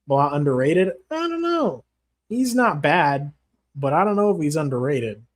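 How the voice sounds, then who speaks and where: A man's voice: a little high, expressive, normal speed. Profane, rambling man on a livestream. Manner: profane, rambling, slangy, calls viewers bro. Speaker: MMA channel host reading live chat. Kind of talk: casual livestream chat.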